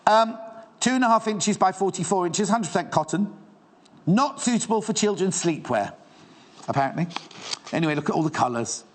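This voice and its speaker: A man hosts a live shopping channel, gushing over sewing fabrics with rambling, playful asides to the crew. His voice sits fairly high and swoops all over the place. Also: expressive, moderate pace, pauses often, a little hiss or hum.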